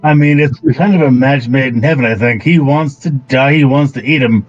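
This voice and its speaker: A man's voice: mid-range voice, moderate pace. A man playing a tabletop game, dry and laid-back, swearing casually. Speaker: player. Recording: muffled recording with background music.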